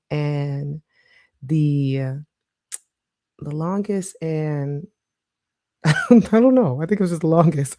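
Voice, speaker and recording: Low-voiced chatty woman podcaster. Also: dry recording, clean studio sound. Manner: warm, chatty, laughs often. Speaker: podcast host. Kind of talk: casual solo podcast monologue.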